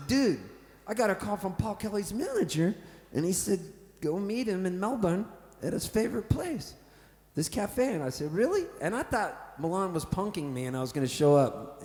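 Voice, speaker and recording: A singer-songwriter from Canada telling a rambling, playful, cheerfully profane story to a live audience on a festival stage. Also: male voice, on the high side. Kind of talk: comic stage storytelling between songs. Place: festival big top tent, live on stage. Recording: roomy reverberant live tent sound.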